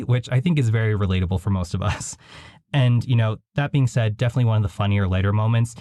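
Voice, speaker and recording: A man's voice: on the low side, quick pace, dark tone, no room sound, studio quality. A man hosting a podcast, recapping films in a chatty, wry storytelling way. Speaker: podcast host. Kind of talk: casual podcast commentary.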